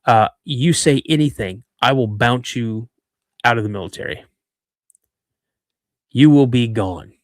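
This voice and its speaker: A man voicing a gruff male military instructor who barks orders and threats, in a dry, close recording. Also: mid-range voice, a little slow, pauses often, no room sound, natural voice. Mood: stern.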